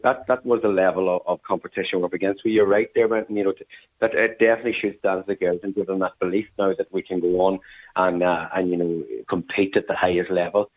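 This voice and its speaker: A man, a team manager giving a phone interview, rambling with many fillers. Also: deep voice. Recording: tinny phone line.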